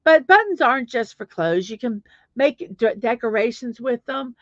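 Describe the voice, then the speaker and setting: A middle-aged woman with a slightly high voice hosts a casual livestream and rambles along, filling pauses with ums as she hunts for things on her screen. She is recorded on a dull, lo-fi computer mic in a dry, close space. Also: expressive, dry recording. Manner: rambling, searches aloud with many fillers. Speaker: livestream host.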